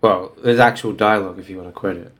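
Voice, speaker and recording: A man's voice: low voice, fairly even intonation, fast. A man co-hosting a casual podcast about a novel, recapping the plot in a dry, wry way. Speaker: podcast co-host.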